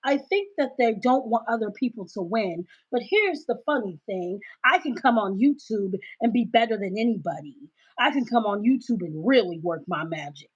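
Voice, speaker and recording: A woman hosting a casual livestream, talking loudly and emphatically into her cell phone. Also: fairly high pitch, animated, moderate pace, hardly any pauses, husky. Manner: loud, emphatic, ranting. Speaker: livestream host. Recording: dull cell-phone recording.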